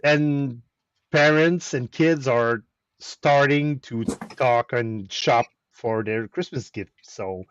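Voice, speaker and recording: A man's voice: medium pitch, slow, highs cut off, slight background noise. A man with a French Canadian accent, telling a story in a casual chat with many restarts. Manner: animated storytelling with repeated restarts. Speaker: host of a weekly chat stream.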